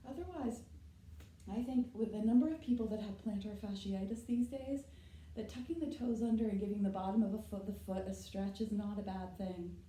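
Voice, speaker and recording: A woman's voice: mid-range voice, a little fast, mellow, roomy sound, rough recording. A woman leading a yoga class, talking while she demonstrates the poses and often checking in with "right?". She sounds slightly out of breath from moving. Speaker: yoga instructor. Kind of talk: guided yoga class instruction.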